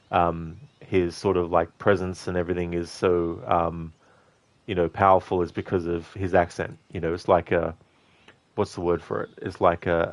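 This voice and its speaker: A man's voice: low voice, no room sound. A man with an Australian accent chatting casually as a gaming streamer, reading chat with frequent fillers. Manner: chatty and relaxed, with frequent "you know" fillers.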